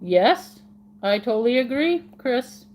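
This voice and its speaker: A woman's voice: a little high, very animated, slow pace, a little mellow, a little hiss or hum. A woman hosting a casual live stream, chatting with viewers in a giggly, playful way and repeating words for fun.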